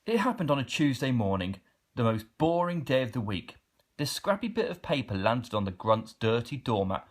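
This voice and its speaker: A man reading a children's storybook aloud in a playful, expressive way. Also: medium pitch, normal speed. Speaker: storybook reader.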